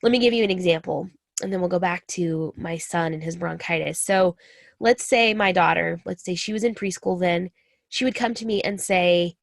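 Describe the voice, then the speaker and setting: Earnest woman with a gravelly voice. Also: fairly low pitch, normal speed, dry recording, studio quality. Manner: earnest, confiding, addresses listeners as friends. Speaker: military spouse sharing her story. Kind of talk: personal talk to camera.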